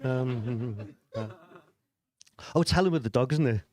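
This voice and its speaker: A middle-aged man tells stand-up stories on a comedy club stage, his delivery dry and self-deprecating with frequent chuckles. His voice is medium in pitch, unhurried, and somewhat dark in tone.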